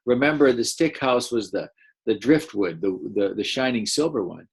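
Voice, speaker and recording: Husky guy teacher reading a picture book to little kids, encouraging, kinda gravelly. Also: mid-range voice, animated, normal speed. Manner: gentle, encouraging, explains as he goes.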